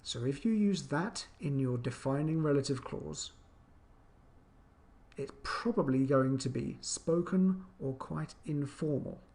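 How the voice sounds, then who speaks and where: A man's voice: a little slow, vocal fry. A man teaching an online English grammar lesson, chatty, with many fillers and restarts, acting out intonation as he explains. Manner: acts out intonation with animated pitch.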